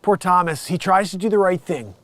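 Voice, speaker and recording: Mocking brash guy riffing live, highish voice, dry close sound. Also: animated, brisk, a bit bright, no room sound. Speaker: live improv comedian. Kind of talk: improvised comic commentary.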